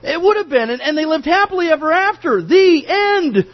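A man preaching a sermon, telling the story with animated, dramatic delivery. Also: extremely high pitch, normal speed, muffled recording.

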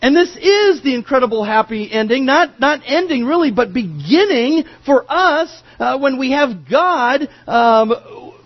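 Male preacher, sermon, very high husky voice, lively, dull lo-fi recording. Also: unhurried, few pauses. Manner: animated, dramatic storytelling.

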